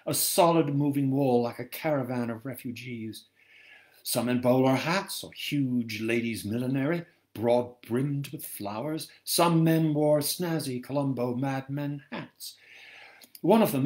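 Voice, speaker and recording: A man reading his own novel aloud in measured first-person storytelling, heard over a video call from home. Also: medium pitch.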